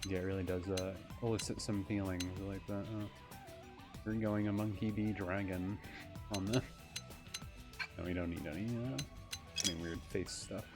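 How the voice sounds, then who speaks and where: A man's voice: sits low, flat delivery, moderate pace, long pauses. Man musing over a game stream. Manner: rambling, musing aloud. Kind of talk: casual live gameplay commentary. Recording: soft mic under loud game music.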